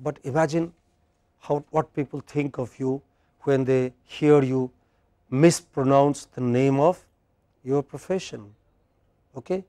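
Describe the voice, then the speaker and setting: A man with an Indian English accent teaching a university class, speaking slowly and emphatically and quizzing his students. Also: medium pitch, steady tone, dark tone, no echo. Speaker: lecturer. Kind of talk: classroom lecture.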